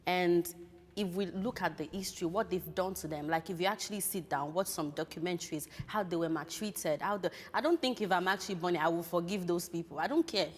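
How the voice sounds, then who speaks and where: Woman, African accent, lowish voice, earnest, measured, long reverb. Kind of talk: reflective conversation.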